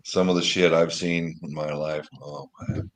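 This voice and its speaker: Guy with a low voice chiming in casual, quick reactions, laid back. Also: flat delivery. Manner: quick reactions and laughing interjections. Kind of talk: casual chat.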